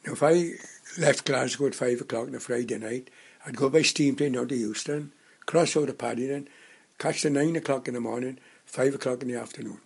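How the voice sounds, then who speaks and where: Husky-voiced man in his nineties. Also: medium pitch. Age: 90s. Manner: rambling, halting storyteller with many restarts. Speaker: interviewee. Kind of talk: reminiscing in casual conversation.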